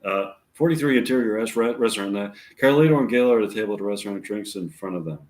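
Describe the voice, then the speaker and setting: A man's voice: fairly low pitch, darkish tone. A man reading his own screenplays aloud and introducing the scenes, stopping and restarting as he goes. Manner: rambling, halting restarts. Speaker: amateur screenwriter. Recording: echoey room.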